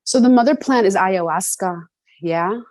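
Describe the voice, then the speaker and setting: A woman's voice: mid-range voice, moderate pace, a little mellow, no room sound. A middle-aged woman from New York City, a guest telling her personal story in an earnest way, often adding "right?", over a video call.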